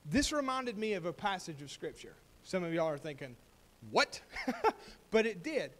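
A man's voice: high voice, sing-song, moderate pace, fairly bright tone. A man preaching a sermon, telling a story and building to emphatic, rising points. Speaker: pastor.

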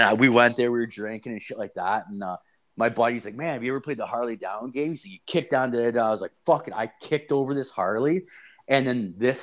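Young adult male podcast host; casual, profane storyteller, mid-pitched, animated when quoting. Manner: rambling, profane, animated retelling with quoted voices.

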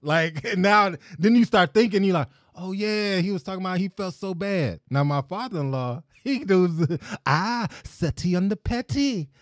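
A man with a lively, swooping voice chats on a podcast, laughing often. He mimics his relatives' card-table talk. The recording is close and dry. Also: high voice, moderate pace, hardly any pauses, no room sound. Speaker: podcast co-host. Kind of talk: casual chat.

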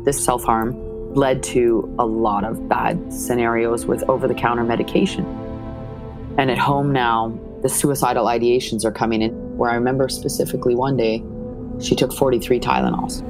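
A mother tells her family's story in a very deep voice, earnest and emotional. She acts out remembered conversations as she speaks. Soft music plays faintly behind her. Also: steady tone, normal speed. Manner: earnest, retelling scenes with quoted dialogue. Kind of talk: emotional personal account.

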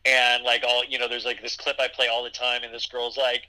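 A man's voice: medium pitch, monotone, brisk, sharp tone, low-quality recording. A man hosting a podcast, chatting casually and rambling with lots of fillers and restarts. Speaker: podcast host. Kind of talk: casual chat.

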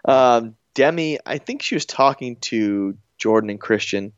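A man's voice: medium pitch, animated, unhurried, clear, resonant tone, no echo, highs cut off. A man co-hosting a podcast in casual chat, making wry, understated remarks. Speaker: podcast co-host.

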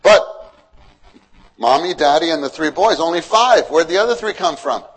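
A man's voice: on the high side, a little fast, breathy edge, poor audio. A man preaching a sermon, quizzing the congregation and retelling stories with animation. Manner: questions to the congregation, animated storytelling.

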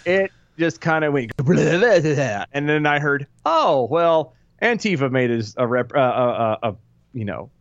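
A man's voice: medium pitch, normal speed, a bit bright, clean tone, no room sound, dull audio. A man co-hosting a casual podcast, laughing often and groping for words. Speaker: podcast co-host. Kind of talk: casual chat.

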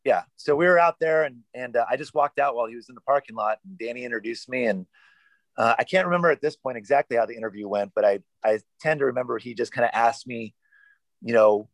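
A man's voice: medium pitch, fast, dry recording, low-quality recording. A man chatting as a podcast guest, rambling and self-deprecating with lots of fillers. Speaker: guest actor. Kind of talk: casual podcast chat.

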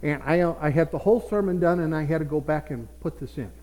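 A man's voice: a little high, fast, darkish tone. Earnest preacher man in an echoing hall. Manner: earnest, repeats himself, acts out what believers say. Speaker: pastor. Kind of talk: sermon. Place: church sanctuary. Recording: long echo of a church hall.

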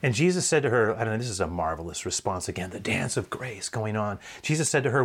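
A man preacher giving a sermon in a conversational, animated storytelling manner. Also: on the low side, fast talker, hardly any pauses, breathy edge.

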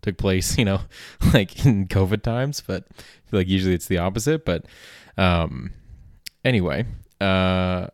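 A man with a very low voice hosting a comedy podcast alone. He rambles loosely, piling up filler words and restarts. The recording is dry and close. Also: animated, measured pace, dry recording. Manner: rambling, heavy on filler words and self-corrections. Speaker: podcast host.

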